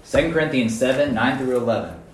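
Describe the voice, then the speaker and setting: Casual young-sounding preacher in an echoey room. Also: male voice, medium pitch, fast, a little hiss or hum. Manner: conversational, animated, frequent "right?" and "guys". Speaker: youth preacher. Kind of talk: casual sermon. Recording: echoey room, mic at a distance.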